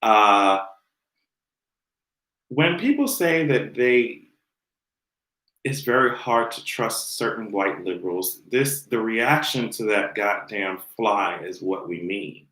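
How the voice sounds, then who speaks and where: A man hosting a casual livestream, ranting about pop culture in an animated, exasperated way and laughing often. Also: fairly low pitch, takes it slowly, echoey room, low-quality recording. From Jamaican heritage. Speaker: livestream host. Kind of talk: casual commentary rant.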